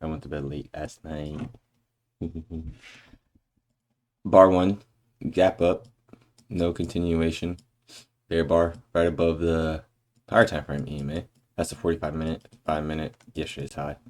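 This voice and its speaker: A man's voice: a bass voice, little pitch movement, unhurried, pauses often. A man casually talking through a trading chart breakdown early in the morning, rambling and correcting himself, with occasional hiccups. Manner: rambling, self-correcting, goes off on tangents.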